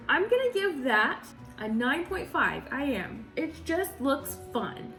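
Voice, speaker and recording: A woman's voice: sits high, very animated, slow pace, a bit bright, faint music behind. A woman vlogger in casual reaction commentary, laughing often and trailing off mid-thought.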